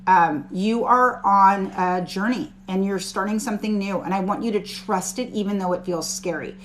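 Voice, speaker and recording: A woman's voice: medium pitch, moderate pace, fairly bright tone, slight background noise. A woman giving a live-stream tarot reading, reassuring and chatty with her viewers. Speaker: tarot reader.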